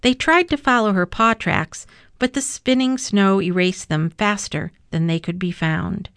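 A woman reads a children's picture book aloud, gentle and measured as she goes. Her voice sits at a middle pitch and is recorded dry and close, with no room echo. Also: clean tone. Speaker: storyteller.

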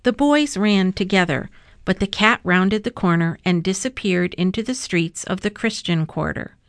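A woman reading a children's picture book aloud in a gentle, measured way. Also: medium pitch, dry recording, studio quality. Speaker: storyteller.

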